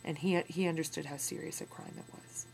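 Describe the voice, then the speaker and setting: A woman reading a memoir aloud in a lesson, pausing for relaxed explanatory asides. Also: low voice, a little hiss or hum. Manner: clear reading, then relaxed asides with fillers. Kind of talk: reading aloud with casual commentary.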